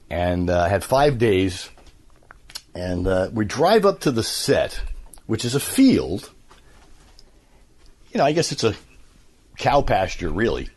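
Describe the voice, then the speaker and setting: A man in his fifties, a voice actor, telling stories in a casual interview with an animated, filler-laden manner. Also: on the low side. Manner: animated storyteller, many fillers. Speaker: voice actor, guest.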